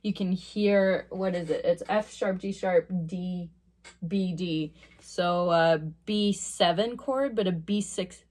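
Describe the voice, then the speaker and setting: A woman's voice: fairly low pitch, slow pace, darkish tone. A young woman, a music student, chatting casually as she reacts to a song cycle, thinking aloud and picking apart the music. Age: young adult. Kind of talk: casual listening reaction commentary.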